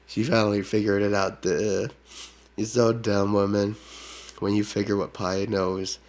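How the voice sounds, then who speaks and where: A man's voice: fairly low pitch, little pitch movement, unhurried, darkish tone. A man in a rambling, repetitive monologue, taunting and tacking "duh" onto his lines. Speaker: self-proclaimed shaman.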